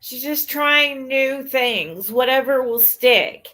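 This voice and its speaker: A woman with a slightly high voice vents on a livestream, talking straight to her chat. She is blunt and exasperated and swears freely, close to the mic. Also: takes it slowly, bright, forceful tone. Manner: blunt, profane, exasperated ranting. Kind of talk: casual livestream rant.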